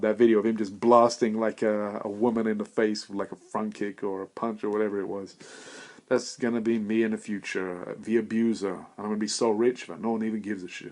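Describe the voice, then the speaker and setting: A man's voice: fairly low pitch, little pitch movement, brisk, darkish tone. Man in his 20s, rambling sweary monologue, mocks himself a lot. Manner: profane, meandering, self-mocking. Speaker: podcast host.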